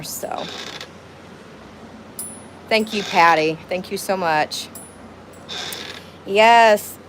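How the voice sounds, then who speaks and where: A middle-aged woman with a Southern drawl is on her first livestream at home beside a window with birds outside. Speaking at medium pitch over slight background noise, she nervously reads comments and thanks viewers by name.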